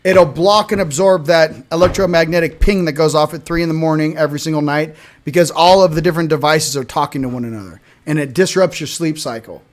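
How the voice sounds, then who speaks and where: A man hosting a casual livestream, chatting loosely, shouting out viewers and showing products. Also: fairly high pitch, quick pace, hardly any pauses. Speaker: host.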